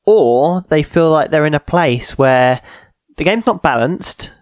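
A man co-hosting a casual hobby podcast, relaxed and wry, laughing often. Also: fairly high pitch, a little slow, no echo, clean studio sound. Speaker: podcast co-host.

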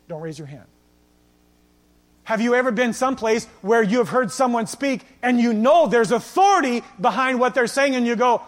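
A male pastor preaching a sermon, telling stories in a lively way and acting out the lines he quotes. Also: very high voice, moderate pace. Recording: long reverb of a church hall.

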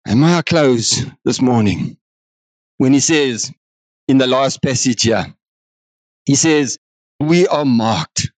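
A man with a South African accent preaching a sermon in an animated way, acting out God's words. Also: medium pitch, slow pace, long pauses, no room sound. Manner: animated, acts out God's words, mixes in other languages.

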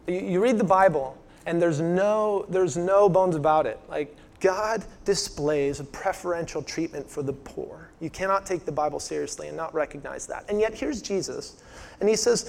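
A man preaching a sermon in a conversational style, asking the congregation rhetorical questions and dropping his voice soft for emphasis. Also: on the high side, moderate pace, vocal fry. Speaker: pastor.

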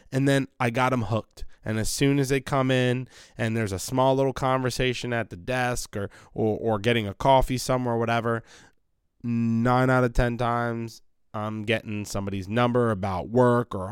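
A man's voice: mid-range voice, normal speed, clean tone, no echo, clean studio sound. A man hosting a podcast from his basement, rambling bluntly and swearing in a casual monologue. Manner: rambling, blunt, profane, animated. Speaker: podcast host. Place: home basement.

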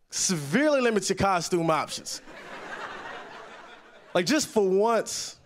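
A young man doing a stand-up comedy set on a festival stage, telling stories with animated delivery and sudden loud yelled impressions. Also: high voice.

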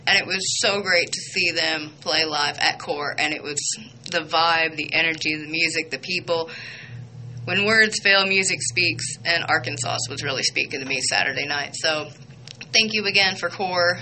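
A young woman hosting a radio show, chatting excitedly and rambling with lots of fillers. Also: sits low, normal speed, slight background noise, poor audio. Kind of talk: casual chatty radio intro.

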